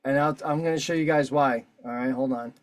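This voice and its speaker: Over a video call with no room sound, a man with a medium-pitched voice and a steady tone talks fairly quickly. As meeting host, he fills out a form while explaining it in a casual, profane, combative manner.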